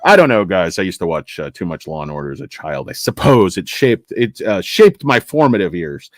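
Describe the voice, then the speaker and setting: A man's voice: low-pitched, very animated, fairly quick, dry recording, studio quality. A man hosting a casual livestream about stocks, rambling and sarcastic as he reads and answers chat. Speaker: livestream host discussing stocks.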